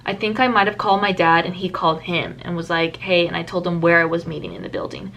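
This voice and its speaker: A woman's voice: on the low side, quick pace, vocal fry, a bit bright. A young woman vlogger telling a personal story in a candid, rambling way, full of fillers and restarts.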